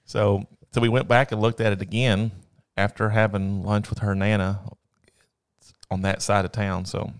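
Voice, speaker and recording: A man's voice: on the low side, level tone, moderate pace, clean tone. A man co-hosting a casual chat, telling a story in an upbeat, rambling way. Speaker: podcast co-host.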